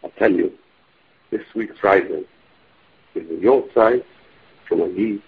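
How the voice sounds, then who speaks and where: A man preaching a story with animated delivery and frequent restarts, in a dull lo-fi recording. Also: a little slow, creaky, slightly rough. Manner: animated, sweeping pitch, restarts. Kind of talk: storytelling sermon.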